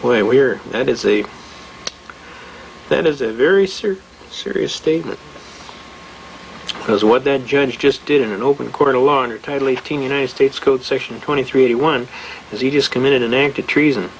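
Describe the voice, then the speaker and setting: An older man lecturing to a live audience in a folksy, anecdotal way. He speaks in a plain-spoken, emphatic manner at an everyday pitch. Faint noise sits under his voice. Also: moderate pace, vocal fry, low-quality recording. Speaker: seminar speaker on constitutional rights.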